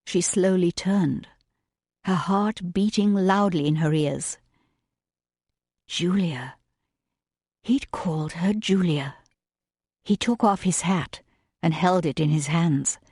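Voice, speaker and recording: Slow, breathy woman narrating a romance audiobook. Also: on the low side, no room sound, studio quality. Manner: slow, measured, gentle. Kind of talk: scripted narration.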